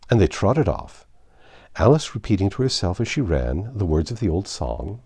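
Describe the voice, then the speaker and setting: A man narrating an audiobook reading of a classic tale in a lively, expressive storytelling manner. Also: sits low, moderate pace, husky.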